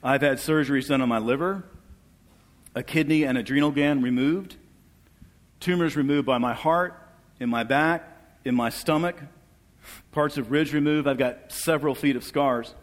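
Middle-aged guy telling his testimony in church, mid pitch, earnest, big echoey hall. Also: normal speed, long pauses. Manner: earnest, calls for amens, voice drops low and soft at emotional moments. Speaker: guest speaker sharing testimony. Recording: long reverb of a large hall.

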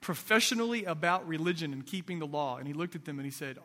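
A man's voice: fairly high pitch, quick pace, hardly any pauses, fairly bright tone. A male pastor preaching a sermon in a conversational way, asking his listeners rhetorical questions. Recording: long reverb of a large hall.

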